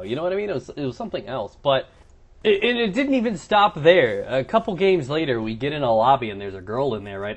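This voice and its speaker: A young man at a mid-range pitch, talking over gameplay with a loose story-time ramble. His humor is crude and laced with swearing, and he jumps between the tale and what is happening in the match. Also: big pitch swings, fast, dull audio. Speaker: gaming commentator and streamer.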